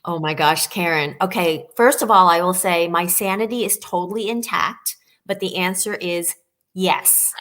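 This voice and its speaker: A woman's voice: lowish voice, normal speed. Earnest woman author on a video call. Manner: earnest, animated storytelling with frequent fillers. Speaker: guest author. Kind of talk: live video chat interview.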